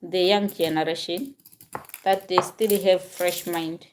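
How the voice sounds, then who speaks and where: Woman in her forties, from southern Africa, casual vlog talk, halting and repetitive. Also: on the low side, fairly even intonation, noisy background. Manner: halting, repeats and restarts phrases. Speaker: vlogger.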